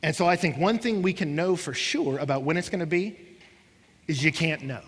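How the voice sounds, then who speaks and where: A man's voice: fairly high pitch, moderate pace, breathy edge. Preaching man in a reverberant hall. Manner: impassioned preaching, acting out what listeners say, rising and falling intensity. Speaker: pastor. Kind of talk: sermon.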